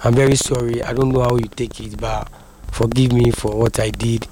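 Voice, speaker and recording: A man's voice: mid-range voice, little pitch movement, normal speed, background noise. A Ghanaian boxer in a casual radio interview, rambling and apologetic as he mixes English and Twi. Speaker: boxer interviewed after a fight.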